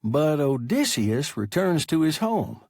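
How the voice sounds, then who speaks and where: A man voicing a calm, philosophical, large and sluggish alien creature that speaks in a measured, formal way in an audiobook. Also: fairly high pitch, no room sound, studio quality, full character voice. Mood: calm reasoning.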